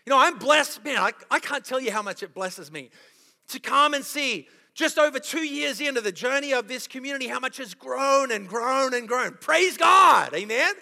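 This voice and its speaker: A male pastor preaching a passionate sermon with a very high, bright voice that has a gravelly edge. He fires off rhetorical questions. The long reverb of a church auditorium trails behind him. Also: moderate pace. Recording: long reverb of a large hall.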